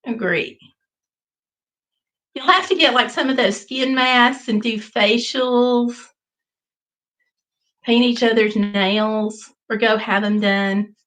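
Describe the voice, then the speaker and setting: A woman's voice: on the high side, steady tone, slow pace, long pauses, fairly bright tone, rough recording. A middle-aged woman hosting a casual livestream chat, reading viewer comments aloud and telling corny jokes in a playful, chatty way. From United States. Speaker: livestream host.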